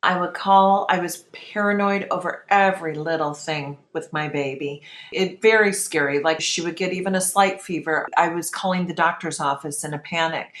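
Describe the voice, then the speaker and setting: A woman's voice: on the low side, expressive, moderate pace, hardly any pauses, a bit bright, echoey room. A woman in her thirties telling her own story in an interview, candid and emotional, often acting out what she thought at the time. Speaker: guest.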